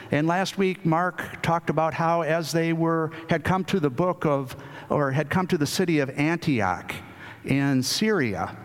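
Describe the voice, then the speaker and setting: A man preaching a sermon in an unhurried way, with frequent fillers and restarts. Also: a little high. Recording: long hall reverb.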